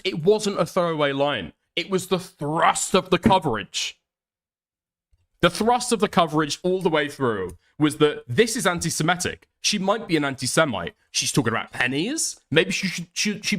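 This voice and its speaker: Blunt, animated male streamer. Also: fairly high pitch. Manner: blunt, exasperated, profane. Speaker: commentary streamer. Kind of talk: reading and reacting to posts.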